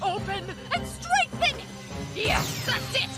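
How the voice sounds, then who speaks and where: A woman's voice: very high voice, big pitch swings, takes it slowly, exaggerated voice. A woman voicing a bossy, blustering noble schoolboy lackey in an anime English dub. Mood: chanting. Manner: blustering, shouting insults and chanting spells. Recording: studio voice over loud music.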